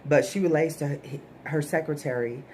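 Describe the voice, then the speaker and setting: A woman's voice: low-pitched, moderate pace, darkish tone, slight background noise. A woman giving a chatty, opinionated recap of a TV episode, blunt and swearing casually. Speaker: TV episode reviewer.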